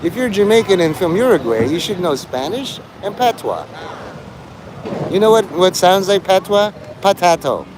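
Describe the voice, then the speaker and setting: A man's voice: high-pitched, sing-song, normal speed, noisy background. A man live-streaming in a rambling, sarcastic and profane way, mocking a chat viewer. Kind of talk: rambling livestream banter.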